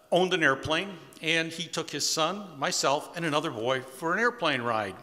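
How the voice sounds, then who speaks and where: A man's voice: on the high side, bright, forceful tone. A man in his sixties telling a personal story to a live audience in an easygoing, wry, conversational way. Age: 60s. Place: community center hall with audience. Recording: long hall reverb.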